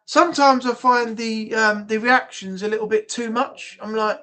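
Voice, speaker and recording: Chatty, rambling British livestream host. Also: male voice, high-pitched, flat delivery, normal speed, few pauses, pushed and bright. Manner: rambling, chatty, blunt, with frequent restarts. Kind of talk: casual live chat reading comments.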